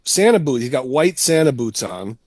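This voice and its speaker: A man's voice: mid-range voice, big pitch swings, normal speed, a little mellow, dry recording. A man co-hosting a casual movie podcast, teasing his friends and pointing out details on screen. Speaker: podcast co-host. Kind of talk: casual chat.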